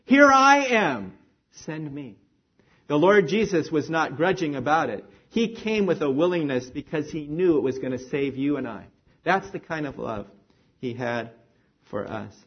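A male preacher delivers a sermon in a husky, rather high voice that leaps and falls with lively emphasis. He swings from ringing declarations down to hushed near-whispers. The recording is dull and lo-fi. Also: normal speed. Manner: animated, rising and falling emphasis, drops to near-whisper.

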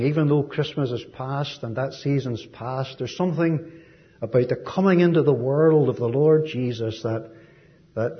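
An Irish man giving a sermon as a visiting preacher, gentle and folksy, with frequent ums and asides. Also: medium pitch, highs cut off. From Ireland.

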